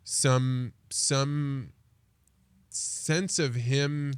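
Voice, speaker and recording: A male podcast host of medium pitch who talks slowly and thoughtfully, often stopping to restart a sentence. His voice is recorded dry and close, with no room echo. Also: steady tone, smooth. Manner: reflective, halting, with frequent restarts. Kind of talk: casual interview chat.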